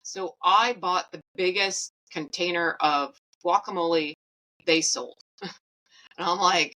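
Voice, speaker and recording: A woman's voice: on the low side, slow pace, rough recording. A young adult woman from Canada hosting a podcast, telling a personal story candidly and acting out the dialogue with laughs. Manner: animated, acts out quoted dialogue; candid and self-mocking, laughs while telling. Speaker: podcast host.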